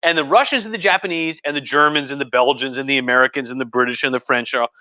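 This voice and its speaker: Bright, profane man ranting about history. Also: medium pitch, fast talker, dry recording, muffled recording. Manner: profane, rambling, with acted mock voices. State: drinking wine. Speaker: history lecturer. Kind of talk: tipsy casual history rant.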